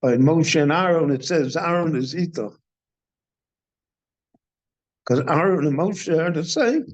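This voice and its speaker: An older rabbi teaches a Torah class at a very slow, measured pace. His voice sits somewhat high for a man, and he poses questions before answering them. The synagogue recording sounds dull and lo-fi. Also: animated. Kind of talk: slow, deliberate Torah lecture.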